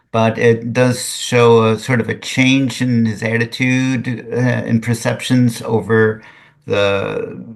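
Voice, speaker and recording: An older man, a retired physics teacher, reads a student's poem aloud with a lively sing-song lilt and adds drier spoken asides. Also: medium pitch.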